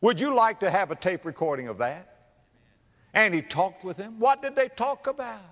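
A man preaching a sermon, dramatic, swinging from hushed tones to loud exclamations in a church. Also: high-pitched, expressive, normal speed. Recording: long reverb of a large hall.

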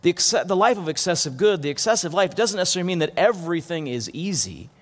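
A man's voice: high-pitched, very animated, quick pace. A man preaching a sermon as pastor, earnest, often restarting and repeating words. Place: church hall. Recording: long hall reverb.

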